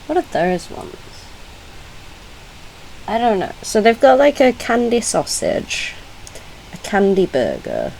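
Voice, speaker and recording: A woman's voice: medium pitch, wildly swooping pitch, slow, creaky, pauses often, darkish tone, a little hiss or hum, low-quality recording. A British woman giving casual reaction commentary as a YouTuber, chatty and blunt, laughing often and correcting herself mid-sentence. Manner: chatty, blunt and giggly, with frequent self-corrections.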